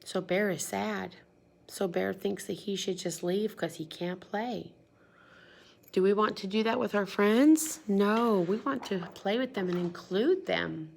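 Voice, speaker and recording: A woman teacher reads a picture book aloud to young children in a storytime lesson, asking them questions along the way. Her mid-range voice is creaky and measured in pace, and her manner is animated and geared toward kids.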